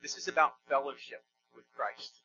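A man's voice: mid-range voice, expressive, normal speed, creaky, pushed and bright, highs cut off, a little hiss or hum. A man preaching a sermon in a church, conversational and emphatic, with joking asides. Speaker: pastor.

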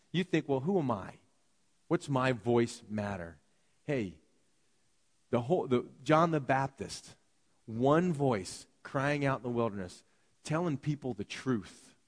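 A man preaching a sermon as pastor, conversational and excitable, swinging between loud bursts and quiet asides. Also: on the high side. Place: church sanctuary. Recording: long hall reverb.

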